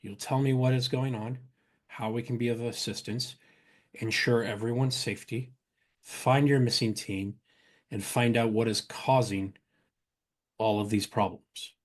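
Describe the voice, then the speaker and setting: A man's voice: medium pitch, fairly even intonation, measured pace. A man playing in a tabletop game, speaking in character in a polite, firm way with dry humor. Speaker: player.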